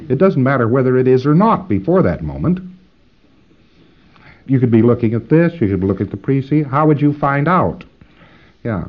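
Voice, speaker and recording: A man's voice: medium pitch, muffled recording. A man giving an instructional lecture, rambling and emphatic, acting out drills as he explains.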